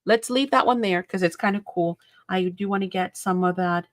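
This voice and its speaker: A woman's voice: mid-range voice, moderate pace, no echo. A woman hosting a crafting video, chatting casually as she works and rambling through stories that trail off mid-sentence. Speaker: crafting channel host. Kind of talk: casual crafting chat while working.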